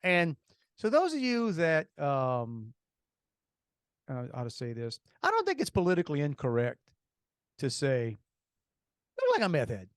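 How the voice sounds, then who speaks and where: A man with a Cajun accent tells a long story on a podcast in a fairly high voice. He talks in an animated, rambling way, full of restarts. The sound is close and dry. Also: unhurried, long pauses, smooth, dry recording. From Louisiana. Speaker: podcast co-host. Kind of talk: casual storytelling.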